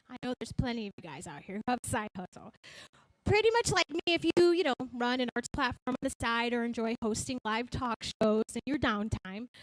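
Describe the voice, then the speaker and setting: Chatty high-voiced woman hosting live. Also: no echo, rough recording. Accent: Chicago. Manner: upbeat, chatty, addressing a live crowd. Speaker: talk show host. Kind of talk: live talk show monologue. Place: hotel lounge before a live audience.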